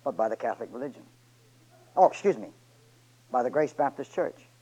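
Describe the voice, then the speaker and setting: A man preaching a sermon in church, swinging from loud shouts to near whispers, with joking asides to the congregation. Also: medium pitch, expressive, fairly quick, husky, lo-fi sound. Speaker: pastor. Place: church sanctuary.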